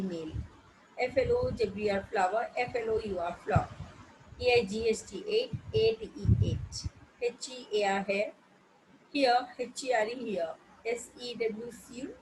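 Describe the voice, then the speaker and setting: A woman teaching an English vocabulary lesson, explaining slowly, spelling words letter by letter, with frequent pauses and fillers. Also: fairly high pitch, background noise. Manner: hesitant, with frequent fillers and self-corrections.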